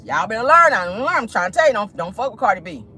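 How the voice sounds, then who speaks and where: A woman's voice: medium pitch, very animated, fairly quick, sharp tone, slight background noise, rough recording. A woman hosting a gossip show, speaking in a sassy, profane, laughing manner. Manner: sassy, profane, laughing often, acts out quotes. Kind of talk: casual commentary to viewers.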